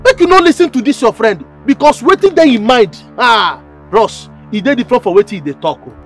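Man acting as a nigerian street hawker, preachy and insistent, high voice, lively swings, faint music under. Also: brisk. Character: meddling male hawker who warns against bad advice. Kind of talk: Nigerian Pidgin skit acting.

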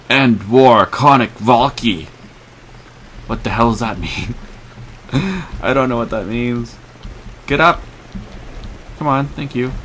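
A young gaming channel host casually commentates a let's play of a shooter game, cracking crude jokes and reacting aloud to the on-screen action. His voice is lowish, and the background is noisy.

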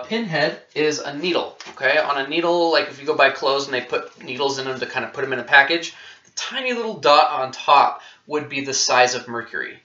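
Bright-voiced man teaching from across a room. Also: medium pitch. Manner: conversational, checks in with "okay?", self-correcting. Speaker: science teacher. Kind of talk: classroom lecture. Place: classroom with whiteboard. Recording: roomy, distant and dull-sounding.

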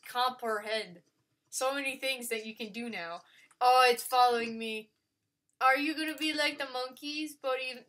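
A woman giving live gameplay commentary, excitable and gushing, with frequent exclamations and casual swearing. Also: fairly high pitch. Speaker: let's player.

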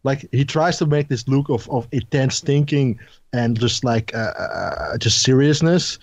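A man co-hosting a podcast, chatting casually about films, excitable and stammering, laughing often. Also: medium pitch, moderate pace, no room sound. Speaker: podcast co-host. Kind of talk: casual film chat.

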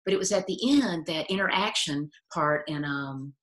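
A woman's voice: deep voice, normal speed, a bit bright, reverberant. An older woman, a retired biologist, telling stories animatedly in an interview and laughing often. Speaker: retired aquatic biologist and educator. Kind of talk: casual interview chat.

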